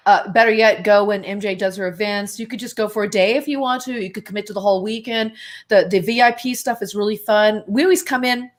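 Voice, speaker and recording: A woman's voice: mid-range voice, fast talker. A woman in her sixties, a guest on a live video-call chat, talking chattily and laughing often. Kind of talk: casual live-chat interview.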